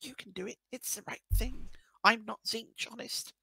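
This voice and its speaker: A man's voice: very high voice, fairly even intonation, moderate pace, vocal fry, breathy edge, dry recording, pitched above the performer's own voice, heavily acted, poor audio. A man putting on a sly, coaxing male chaos god in whispered role-play. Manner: hushed, coaxing.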